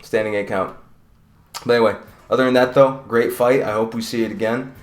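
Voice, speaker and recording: A man's voice: medium pitch, steady tone, brisk. A man giving a casual, profane and rambling recap of combat sports fights. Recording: roomy echo.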